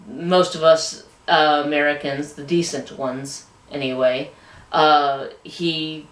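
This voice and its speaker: Woman, low voice, casual book review, rambling with fillers, echoey room, mic set back. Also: fairly bright tone. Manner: rambling retelling with many fillers. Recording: roomy, distant mic.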